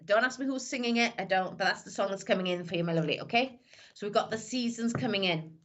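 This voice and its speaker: A woman psychic medium talks quickly in a medium-pitched, fairly bright voice over dull audio. Chatting warmly on her live stream, she greets viewers, gives readings and calls each one "my lovely."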